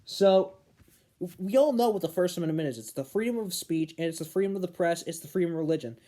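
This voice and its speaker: A young man from New Hampshire delivers a casual opinion monologue on current politics. His voice sits a little high but sounds mellow and soft-edged. He slows down and punches individual words when he wants a point to land. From New Hampshire, USA. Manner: earnest, emphatic on key words, slows down to stress points. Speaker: political commentary vlogger.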